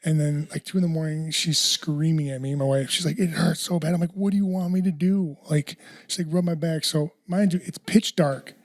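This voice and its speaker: A man's voice: fairly high pitch, fairly even intonation, fairly quick, few pauses. A man hosting a casual podcast chat, telling a rambling story with lots of restarts and casual swearing. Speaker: podcast host.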